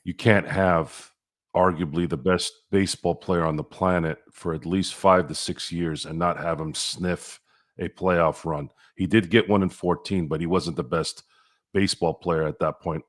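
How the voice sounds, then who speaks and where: A man with an extremely deep, low voice co-hosts a sports podcast. He speaks bluntly and states strong opinions. He drops sarcastic asides into the casual chat. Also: steady tone, moderate pace. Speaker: podcast co-host.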